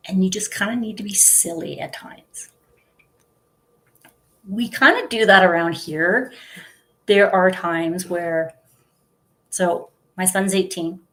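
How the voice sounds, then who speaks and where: A woman's voice: on the low side, fairly bright tone. A woman in her fifties chatting casually to the camera, telling stories with giggles and lots of fillers. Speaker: vlogger. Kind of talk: casual chat.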